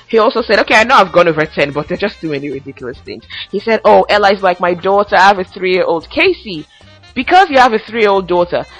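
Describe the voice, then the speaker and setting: A woman's voice: fairly low pitch, fairly bright tone, rough recording. A young woman hosting a casual commentary podcast, ranting with sassy asides and recapping reality show gossip. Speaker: podcast host.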